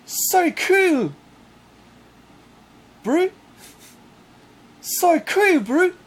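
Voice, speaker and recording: A man putting on an exaggerated New Zealand accent as a loud, excited young bro. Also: very high-pitched, drawn-out words, pitched above the performer's own voice, exaggerated voice. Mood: hyped.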